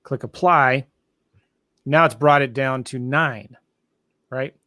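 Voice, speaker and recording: A man hosting a live online tutorial, talking excitedly and addressing viewers directly as guys. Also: mid-range voice, slow, dry recording, studio quality. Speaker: show host. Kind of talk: enthusiastic live tutorial chat.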